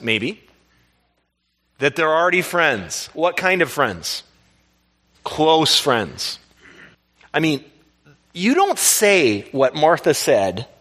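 A pastor preaching a lively sermon, asking the congregation questions and laughing along. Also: male voice, a little high.

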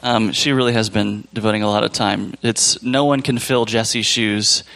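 A man's voice: on the low side, steady tone, normal speed, gravelly, background noise. A man leading a church service gives casual, rambling announcements and loses his train of thought. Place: church sanctuary.

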